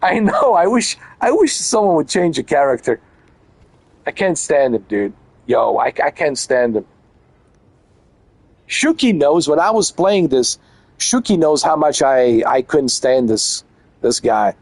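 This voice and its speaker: Gravelly, crude gaming commentator man. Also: a little high, sing-song, measured pace, long pauses, dry recording. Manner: crude, mocking, repeats himself. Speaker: gaming channel host. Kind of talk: casual let's-play commentary.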